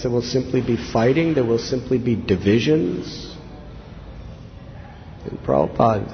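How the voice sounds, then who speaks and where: A gravelly, mid-range male voice belongs to a monk giving a devotional sermon. He recounts scripture stories earnestly, acting out quotations with growing intensity, and the lo-fi recording sounds slightly dull with faint noise.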